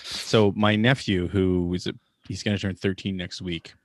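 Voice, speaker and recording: A man's voice: sits low, fairly even intonation, normal speed, no echo, clean studio sound. A man co-hosting a casual podcast, telling a rambling anecdote with chuckles. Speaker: podcast co-host.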